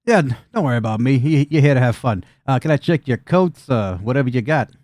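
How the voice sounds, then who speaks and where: A man's voice: medium pitch, lively intonation, quick pace, a little mellow, no echo, studio quality, lightly acted. A man playing a sleepy, cheeky goblin clerk. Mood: teasing. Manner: polite, teasing, yawning. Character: tired but polite male goblin coat-check clerk.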